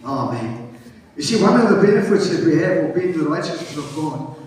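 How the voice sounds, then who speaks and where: High-voiced preacher in an echoing church hall. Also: male voice, lively intonation, a little fast. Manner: call-and-response preaching, swinging from high exclamations to low quiet passages. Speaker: pastor. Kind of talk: sermon. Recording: echoey hall, voice picked up from a distance.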